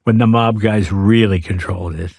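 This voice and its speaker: A man's voice: lowish voice, moderate pace, gravelly, dry recording. A man, telling stories in a casual chat and acting out the people in them. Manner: animated storyteller who acts out quotes, bursting into shouted impressions. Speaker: guest comedian.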